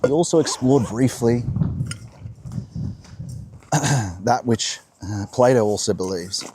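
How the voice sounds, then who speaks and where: A man's voice: medium pitch, slow pace, darkish tone, a little hiss or hum. A man hosting a live-streamed talk while walking outdoors, musing and answering his own questions. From Australia. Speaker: host. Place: outdoors by the coast.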